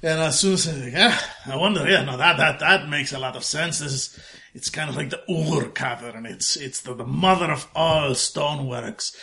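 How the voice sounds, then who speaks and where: A man playing a tabletop game, talking excitedly with stumbling restarts. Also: fairly high pitch, moderate pace, creaky. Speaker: player. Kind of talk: casual tabletop game play.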